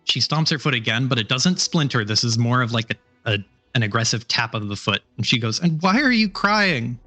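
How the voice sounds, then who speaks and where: Bright-voiced man running a game. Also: mid-range voice, fairly quick, soft background music. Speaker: game master. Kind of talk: narrating a tabletop game.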